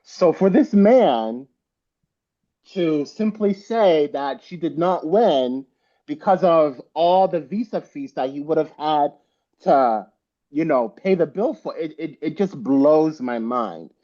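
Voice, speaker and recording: A male guest on a video chat speaks slowly and emphatically, hammering his points home. His tone is mellow and a little high, and the call audio sounds slightly muffled. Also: lively intonation. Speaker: guest panelist. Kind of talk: casual group video chat.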